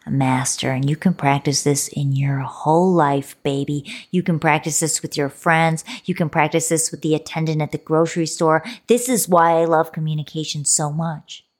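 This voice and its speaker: Low-voiced woman, playful coaching talk. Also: fairly even intonation, moderate pace, hardly any pauses. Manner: playful and coaxing, calls the listener baby, drops to soft whispers. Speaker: relationship podcast host. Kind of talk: motivational solo talk.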